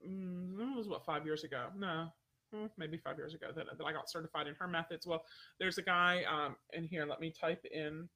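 A man's voice: high-pitched, pushed and bright. A man who trains dogs, chatting casually with viewers on a livestream, rambling and breaking off his own sentences. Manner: rambling, self-interrupting, many fillers. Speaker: dog trainer hosting a livestream.

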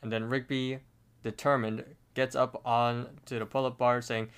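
Smooth-voiced male podcast co-host. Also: mid-range voice, level tone, normal speed. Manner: detailed narration with fillers. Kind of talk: casual episode recap.

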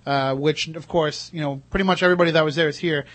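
Quick chatty radio host guy, slightly high voice. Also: steady tone, fairly bright tone. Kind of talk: casual radio chat.

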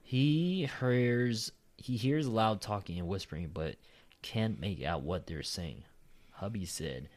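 A man with a fairly low voice talks loosely with a friend, tossing in "dude" and swearing. He laughs a lot and reads a listener's eerie story in a plain, conversational way. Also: a little slow, a little mellow. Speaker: podcast co-host reading a listener story. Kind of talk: casual chat and story reading.

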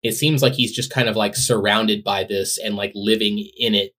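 A man's voice: fairly low pitch, steady tone, normal speed, a bit bright. A man co-hosting a casual podcast, talking with dry, understated humor. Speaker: podcast co-host.

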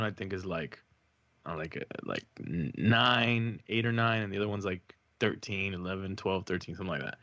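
A man co-hosting a podcast, telling stories casually and acting out quotes with big jumps in his voice. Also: no room sound. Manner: animated, acts out quotes with big pitch jumps. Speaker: podcast co-host. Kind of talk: casual storytelling chat. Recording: slightly dull, dry sound.

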